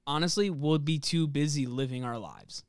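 Young guy on a podcast, kinda high voice, smooth, cursing and goofing around. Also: moderate pace, no echo, clean studio sound. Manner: joking, swears freely, lots of fillers. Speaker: podcast co-host. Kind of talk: casual chat.

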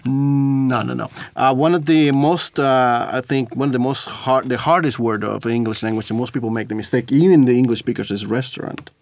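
A man's voice: medium pitch, a little fast, hardly any pauses, slight background noise. A man co-hosting a podcast, teasing and laughing often in a studio. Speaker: podcast co-host. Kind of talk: joking casual chat. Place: recording studio.

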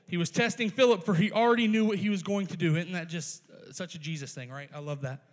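High-voiced pastor in a reverberant hall. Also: male voice. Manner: conversational, with playful asides and quick restarts. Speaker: youth pastor. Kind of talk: sermon. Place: church sanctuary. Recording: long reverb of a large hall.

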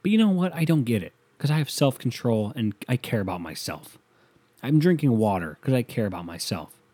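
A man's voice: mid-range voice, very animated, a little fast, warm tone. A man delivering a profane, sarcastic comedic rant as a solo monologue.

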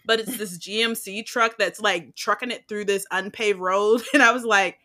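Bright-voiced woman podcast host, blunt and profane. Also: medium pitch, fairly even intonation, moderate pace. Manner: blunt, profane, digressive, laughs often. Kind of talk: casual chat.

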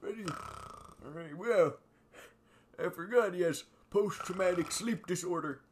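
A scatterbrained old man hosting a podcast, performed by a man. His voice sits high and keeps wandering from one silly tangent to the next, forgetting what he just said. It is loose, improvised sketch comedy. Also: measured pace, slight background noise. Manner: goofy, rambling, easily sidetracked. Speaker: podcast co-host.

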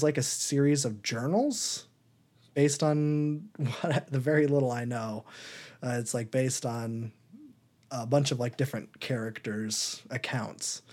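A young man rambles through a casual movie chat on a podcast, full of ums and likes. He keeps slipping into a high mocking voice to act out lines. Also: a little mellow. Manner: rambling, lots of fillers, acts out silly quotes in a high voice. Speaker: podcast co-host.

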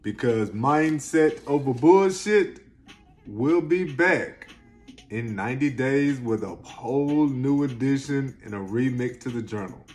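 Brief: man, slangy motivational vlog host, mid-pitched, light music under him. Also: unhurried. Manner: energetic, slangy, emphatic, swings between loud and soft. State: close to tears at times. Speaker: self-help video host. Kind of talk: motivational casual talk to camera.

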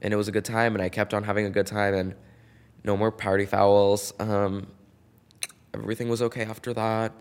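A young man hosting a casual solo podcast, gossiping in a campy, playful way and swinging between loud bursts and soft asides. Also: fairly low pitch, level tone, brisk, smooth. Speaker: podcast host.

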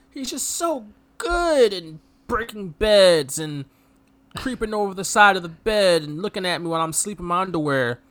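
A man co-hosting a casual movie review chat, animated and mocking as he acts out characters. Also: sits high. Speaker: podcast co-host.

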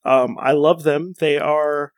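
A man's voice: on the high side, steady tone, takes it slowly, no echo, studio quality. A young man in casual chat, rambling and enthusiastic, restarting his sentences often.

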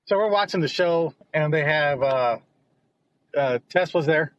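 A man's voice: fairly high pitch, expressive, a little slow, fairly bright tone, lo-fi sound. A middle-aged man, the host's father, telling family stories in a casual, rambling way, often repeating words as he goes. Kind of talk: casual storytelling.

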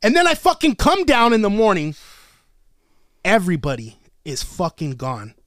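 Speaking at a moderate pace in a high voice, this man co-hosts a podcast and spins a story through constant swearing and slang. The casual, animated delivery is recorded dry, in studio quality.

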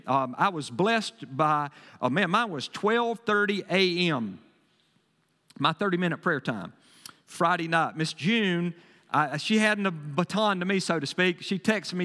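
A male pastor preaching a sermon, emphatic and folksy, swinging between loud bursts and quieter asides. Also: on the high side. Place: church sanctuary. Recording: long hall reverb.

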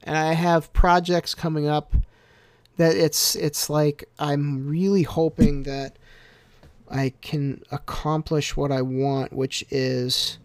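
A young man hosting a casual podcast, telling stories in an animated, jokey way that swings from quiet to loud. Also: on the high side, takes it slowly, clean tone, no echo. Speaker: podcast host.

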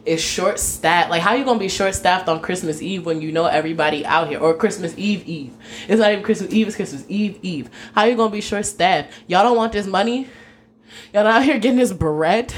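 A woman in casual conversation, telling a story with a lot of slang and frequent laughter. Her pitch swings up and down as she talks. A faint hiss of noise sits behind her voice. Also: brisk. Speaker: podcast co-host. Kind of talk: casual chat.

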